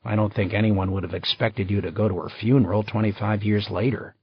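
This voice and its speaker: Guarded middle-aged detective, read by a man; low, husky and clipped. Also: fairly even intonation, a little fast, dry recording. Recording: slightly dull dry recording.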